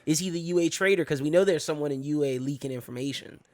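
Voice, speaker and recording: A man co-hosting a casual podcast chat, relaxed and quick to laugh, steering the talk with questions. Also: a little high. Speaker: podcast co-host.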